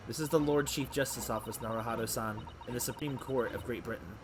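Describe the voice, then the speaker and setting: A man voicing a polite, composed young female assistant from a story game, reading her lines in a quiet, soft tone. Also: mid-range voice, quick pace, music in the background, pitched below the performer's own voice, lightly acted.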